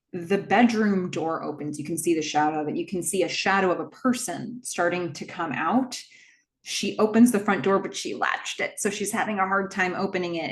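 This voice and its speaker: A woman casually retelling a horror film scene by scene, dropping her voice to quote the characters' dialogue. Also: fairly low pitch. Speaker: movie recap host. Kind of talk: casual film recap narration.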